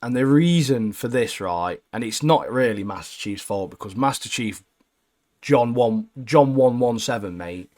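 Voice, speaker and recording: A young man co-hosting a casual gaming chat, blunt and opinionated, ending phrases with "mate" and dropping low. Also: animated, unhurried, darkish tone. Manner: blunt, says "mate" constantly, trails off low at line ends. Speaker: co-host.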